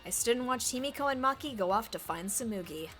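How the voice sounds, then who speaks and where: A woman's voice: a little high, expressive, fast, a bit bright, faint music behind. A woman streamer reading a game's dialogue aloud dramatically, joking and laughing along. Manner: playful, laughs often, reads lines dramatically.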